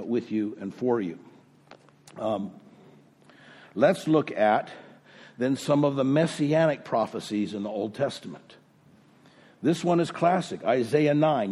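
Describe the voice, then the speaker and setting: A man preaches a sermon in a church sanctuary, reading scripture aloud and building emphasis. His voice is a bit husky, and a long reverb hangs behind it in the big hall. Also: mid-range voice, darkish tone. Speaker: pastor.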